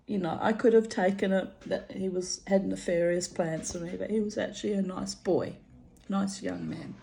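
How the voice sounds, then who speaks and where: A woman's voice: medium pitch, animated, moderate pace, gravelly, dark tone. Chatty older woman telling stories. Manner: chatty, laughs often, lots of fillers. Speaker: vlogger. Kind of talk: rambling personal storytelling.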